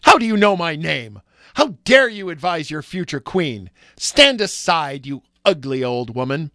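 A man's voice: a little high, sing-song, unhurried, bright, forceful tone, dry recording, studio quality, exaggerated voice. A man reading a storybook aloud, voicing a proud, bad-tempered young woman with a haughty, scolding manner. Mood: scornful.

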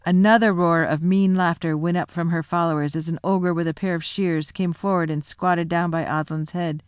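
Brief: female audiobook narrator, slightly low, dramatic storytelling, dry sound. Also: steady tone, normal speed, clear, resonant tone, no room sound. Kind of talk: storybook reading aloud.

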